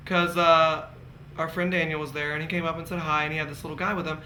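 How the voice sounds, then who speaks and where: A man's voice: fairly high pitch, level tone, quick pace, sharp tone, a little hiss or hum, poor audio. A man telling candid, campy stories to friends as a casual vlog, laughing often. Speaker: vlogger. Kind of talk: casual gossipy storytelling.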